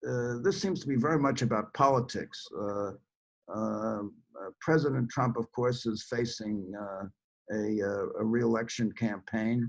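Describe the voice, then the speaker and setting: Gravelly host guy, lots of uh and um, asks long questions. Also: mid-range voice, normal speed, poor audio. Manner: hesitant, many fillers. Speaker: interview host. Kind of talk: interview questions.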